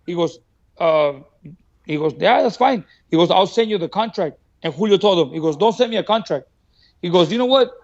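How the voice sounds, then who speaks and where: Boxing trainer from Mexico, guest on a podcast, high voice, lively yarn-spinner who plays every quote. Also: male voice, a little fast, highs cut off. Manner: animated, acts out quoted dialogue, laughs often. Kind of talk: casual storytelling. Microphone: studio podcast mic.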